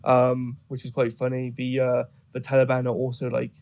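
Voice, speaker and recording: A man with a gravelly, rough-edged voice at a middling pitch, chatting casually. He tells rambling, amused stories full of ums and uhs. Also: completely flat delivery, normal speed, dull audio. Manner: rambling, amused storytelling with many fillers. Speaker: guest describing travels in Afghanistan. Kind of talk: casual conversation on a voice chat.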